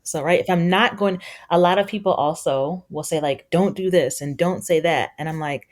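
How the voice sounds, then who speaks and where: Woman, low voice, podcast guest, earnest, explains with everyday examples. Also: lively intonation, moderate pace, hardly any pauses, a little mellow. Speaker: podcast guest, parenting educator. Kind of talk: conversational interview.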